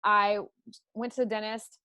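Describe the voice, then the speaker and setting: A woman's voice: medium pitch, flat delivery, a little slow, bright, forceful tone, clean tone, no echo, highs cut off. Woman host telling a personal story. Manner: open, emotional storytelling. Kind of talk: conversational interview.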